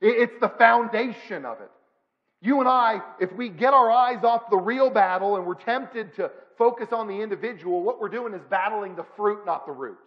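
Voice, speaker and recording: A man preaches a sermon in a church, pressing his points with repeated phrases. His voice sits high for a man. The recording is dull and lo-fi. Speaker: pastor. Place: church sanctuary.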